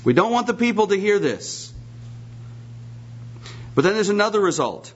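Emphatic male preacher, slightly high voice. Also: lo-fi sound. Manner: emphatic, repetitive, asks rhetorical questions. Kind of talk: sermon.

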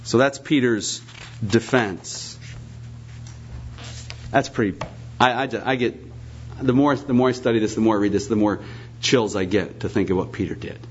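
A man's voice: on the low side, normal speed, pauses often, slight background noise. A man preaching a sermon, emphatic and repetitive, posing rhetorical questions, in a dull lo-fi recording.

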